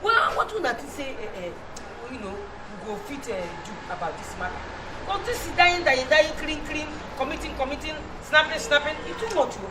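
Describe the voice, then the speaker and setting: A loud, bossy Nigerian matron. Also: female voice, high voice, expressive, a little fast. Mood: scolding. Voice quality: shouty, scolding, threatens and interrupts. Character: loud bossy woman leading a group discussion. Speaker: community gossip moderator. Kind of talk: comic TV drama. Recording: roomy, distant, crowd and noise behind.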